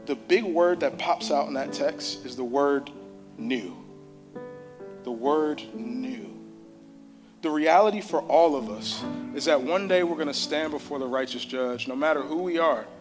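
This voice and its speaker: A man preaching a sermon in a church service, impassioned and repetitive. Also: on the high side.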